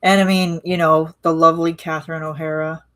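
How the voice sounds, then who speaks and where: A woman's voice: low-pitched, level tone, fairly quick, a bit bright. A woman rambling casually in a live-stream chat with her viewers, full of restarts and fillers. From Canada.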